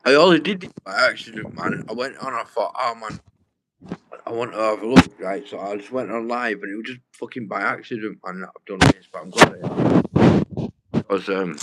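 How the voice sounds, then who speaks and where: A man's voice: on the low side, fairly quick, very noisy. A young man, rambling and swearing as he talks straight to his livestream viewers. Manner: rambling, swears a lot, addresses viewers directly.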